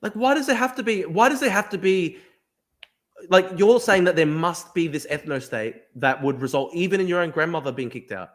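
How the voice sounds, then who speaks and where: A man's voice: high-pitched, fairly quick, fairly bright tone. A man from Australia hosting a heated debate, exasperated, stammering and restarting, calling the other person "dude" again and again. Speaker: podcast host.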